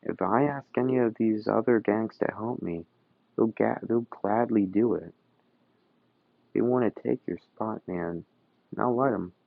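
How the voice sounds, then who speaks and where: A man voicing a menacing male arms dealer who runs a feared crime ring, speaking calm and slow with quiet threats. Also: fairly low pitch, gravelly, no room sound. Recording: dull, dry recording.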